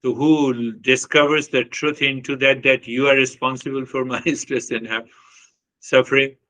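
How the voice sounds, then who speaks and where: Bright-voiced man giving a spiritual talk. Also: mid-range voice, level tone, normal speed, rough recording. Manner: earnest, repetitive, with short laughs and acted quotes. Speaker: spiritual teacher.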